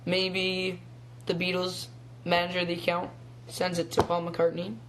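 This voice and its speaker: This teen actor on a phone live stream speaks in a high-sitting, monotone voice at a slightly slow pace against a noisy background. His casual chat wanders, peppered with ums and brief laughs.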